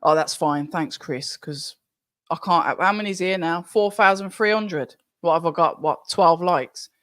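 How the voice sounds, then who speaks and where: A woman hosting a live fight watch-along stream, chatty and excitable, talking straight to her viewers. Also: on the low side, a little slow, no echo. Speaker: livestream watch-along host.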